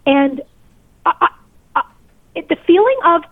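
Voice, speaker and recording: A woman's voice: very high-pitched, lively intonation, measured pace, dry recording. A woman calling in to a radio host, telling her story in an upset, tearful way. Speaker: caller. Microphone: telephone. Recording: tinny phone line, dry.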